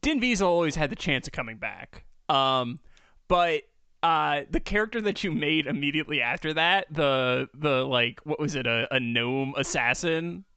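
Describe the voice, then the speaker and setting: A man's voice: fairly high pitch, moderate pace, smooth, dry recording. A man co-hosting a podcast in casual chat. He tells loose stories with fillers and the odd swear word. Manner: relaxed storyteller, fillers and swearing. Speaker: podcast co-host.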